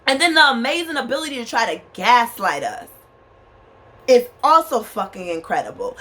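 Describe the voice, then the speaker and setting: A woman's voice: fairly high pitch, sing-song, normal speed, sharp tone. A woman, ranting angrily and profanely to her viewers from a small bedroom. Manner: angry, profane, emphatic, addresses viewers as y'all. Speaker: vlogger. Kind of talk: impassioned rant to camera. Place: small bedroom with a fan running.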